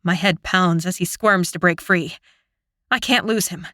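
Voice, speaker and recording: A woman reading a fantasy audiobook in first person, with steady, immersive storytelling. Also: fairly low pitch, measured pace, dry recording, studio quality. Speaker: audiobook narrator.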